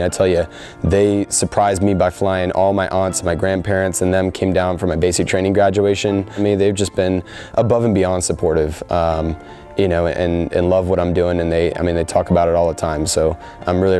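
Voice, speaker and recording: A young man in his twenties talks quickly and earnestly in an interview, his low, mellow voice full of "you know" and "um." Faint soft music plays behind him. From United States. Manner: earnest, heartfelt, with frequent fillers. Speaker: soldier interviewed before deployment. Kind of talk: sit-down interview.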